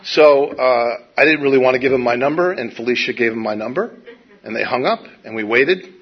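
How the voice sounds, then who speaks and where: A middle-aged man shares a personal recovery story in a wry, self-deprecating manner, stumbling into restarts as he goes. His voice sits at an average pitch. The recording is dull and lo-fi. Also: brisk, husky. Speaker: speaker sharing a recovery story. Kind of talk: personal storytelling to a live audience.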